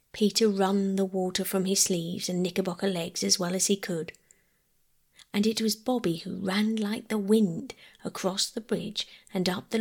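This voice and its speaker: A woman reads a bedtime story in a calm, even voice of middle height. A gravelly fry runs under her words. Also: medium pitch.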